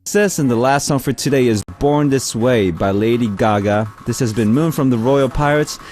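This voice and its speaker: A man's voice: medium pitch, moderate pace, a little mellow. A man hosting a radio music show in an upbeat, friendly way, reading out listener messages. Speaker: radio DJ host. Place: radio studio.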